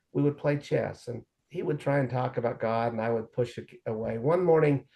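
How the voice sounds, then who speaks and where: A man in his forties with a mellow, warm tone, telling his life story in an earnest, lively way. He slips into quoted dialogue as he recounts events for an interviewer. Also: mid-range voice, creaky. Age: 40s. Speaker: guest sharing his recovery story. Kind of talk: conversational storytelling.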